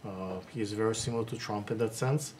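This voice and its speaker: A man who hosts interviews, talking in a casual, halting way, full of hesitations and restarts. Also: on the low side, darkish tone, a little hiss or hum. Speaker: interviewer host.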